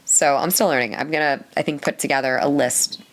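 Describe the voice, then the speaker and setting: This is a woman with a low voice co-hosting a podcast. She chats casually and laughs often. She tells stories and acts out the lines of the people in them. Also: brisk. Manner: chatty storyteller, acts out quoted dialogue; giggly, frequent laughs. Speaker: podcast co-host. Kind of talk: casual chat.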